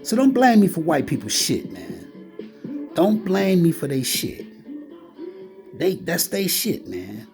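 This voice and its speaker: Man, ranting monologue, heated and repetitive, raspy fry, faint music behind. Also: high-pitched, big pitch swings, slow pace, long pauses. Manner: heated, repetitive, talks straight at the listener, keeps saying "man". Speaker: vlogger.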